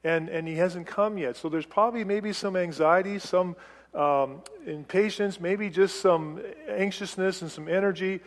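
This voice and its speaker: A man's voice: high voice, normal speed. A middle-aged man preaching on a Bible passage in a conversational way, chatty, with light laughs and acted-out quotes. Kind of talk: conversational sermon. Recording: long reverb of a large hall.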